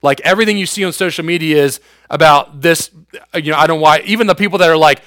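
A man's voice: fairly high pitch, quick pace, pushed and bright, no room sound, studio quality. A man in his thirties preaching a youth sermon as youth pastor, casual and slangy, with everyday asides to his listeners.

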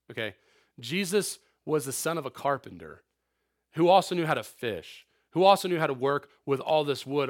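A young man preaching a sermon to a youth group, conversational and animated, with frequent asides. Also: mid-range voice. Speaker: youth pastor.

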